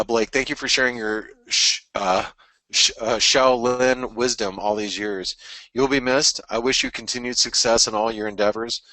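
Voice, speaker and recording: A man hosting a trading webinar, reading out listener messages in a casual, halting way with fillers and chuckles. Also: lowish voice, pushed and bright, no echo, rough recording.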